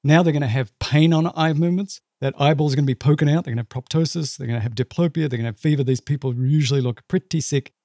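A man's voice: a little high, fast, few pauses, mellow, no room sound, studio quality. A male physician co-hosting a medical education podcast, explaining clinical complications in a plain-spoken way with vivid asides.

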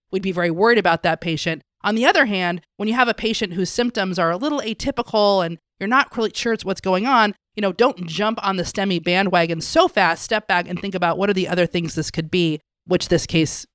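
Female podcast co-host, mid pitch, dry close sound, friendly explanatory summary. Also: fairly quick, hardly any pauses, a bit bright, no room sound. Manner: friendly, explanatory, casual fillers. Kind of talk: conversational medical podcast summary.

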